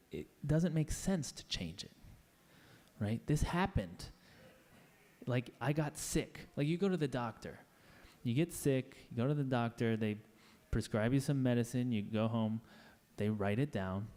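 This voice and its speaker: A man's voice: mid-range voice, mellow. A man giving a casual, playful talk to a live audience, chatty and acting out little scenes in voices. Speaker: conference speaker.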